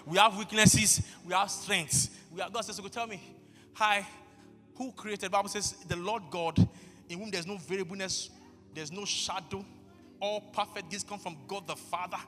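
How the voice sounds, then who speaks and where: A pastor preaching a sermon, bursting into shouts and acting out conversations with God. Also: male voice, high-pitched, fairly even intonation, moderate pace, big-room sound, soft background music. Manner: acts out dialogues with God.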